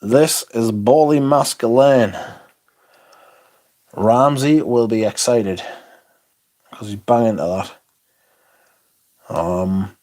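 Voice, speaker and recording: A man's voice: medium pitch, very slow, long pauses, a little mellow. Chatty man rambling on a livestream. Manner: chatty, rambling, reads out comments. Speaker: livestream host reading chat. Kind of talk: casual chat. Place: home room.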